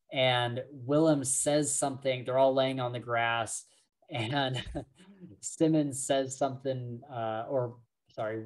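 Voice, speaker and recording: With a medium-pitched, slightly mellow voice, a man co-hosts a podcast book discussion. He keeps it casual, laughing often and using lots of fillers.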